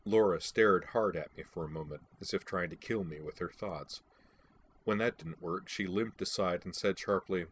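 A man's voice: sits low, normal speed, a little hiss or hum. A man reading a first-person audiobook, telling the story in a wry, dry-humored way.

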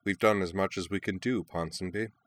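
A weary, tough colonel in her late sixties, as a man reads her out in a storybook. Her words come low, quiet and clipped, in a very deep voice. The recording is dry and close. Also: fairly even intonation, fairly quick, no room sound. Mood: calm. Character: weary tough older woman colonel, calm.

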